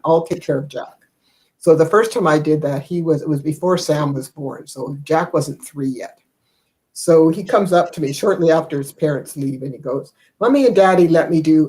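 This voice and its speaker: A woman's voice: sits low, warm tone, poor audio. An older woman talks over a video call, spinning family anecdotes in a loose, rambling way. She chuckles between thoughts and leans on plenty of fillers. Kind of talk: casual storytelling chat.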